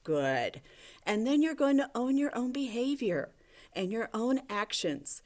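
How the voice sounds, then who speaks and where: A woman teacher giving a gentle, coaxing video lesson to young children, talking to a puppet. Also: a little high, sing-song, measured pace. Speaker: elementary school teacher.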